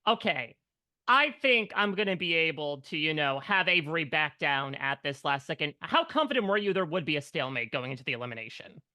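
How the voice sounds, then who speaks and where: An interviewer with a bright, forward tone. The questions run long and wind through several clauses before they land. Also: mid-range voice, animated, fairly quick, dry recording.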